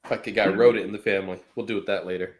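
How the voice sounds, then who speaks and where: A man's voice: lowish voice, fairly even intonation, rapid-fire, a crowd in the background. A man co-hosting a podcast, telling stories in laughing, profane casual chat. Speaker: podcast co-host.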